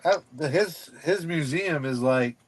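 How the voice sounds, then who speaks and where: A man's voice: on the high side, measured pace, breathy edge, dry recording. A man in casual chat, asking earnest questions. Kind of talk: casual chat on a live stream.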